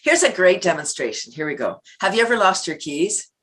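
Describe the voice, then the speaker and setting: This middle-aged woman, a podcast guest, speaks in a fairly low, slightly bright voice that's very animated and a little fast. She chats casually in interview style, laughing often and acting out small everyday scenes.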